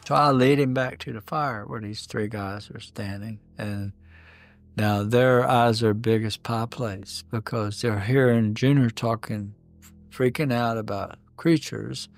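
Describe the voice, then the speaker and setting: A man's voice: medium pitch, creaky. A man recounting an encounter in a documentary interview, storytelling and acting out the dialogue he quotes.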